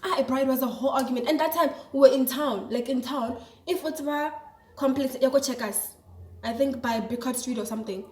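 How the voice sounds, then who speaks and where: A young South African woman vlogger telling a story in a lively, slangy, chatty way. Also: high voice, fairly quick. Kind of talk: casual storytelling to camera. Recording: echoey room.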